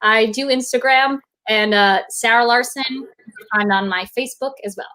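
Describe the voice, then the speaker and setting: A woman guest on a video-call interview, telling an animated anecdote and acting out quotes. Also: moderate pace. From United States. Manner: animated, acts out quotes in high voices. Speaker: guest actor. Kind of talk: casual storytelling.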